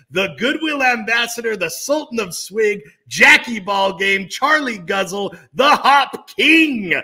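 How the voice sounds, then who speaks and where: A man co-hosting a podcast, delivering a boastful, rhyming wrestling-style promo with shouted brags. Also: extremely high pitch. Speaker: podcast co-host.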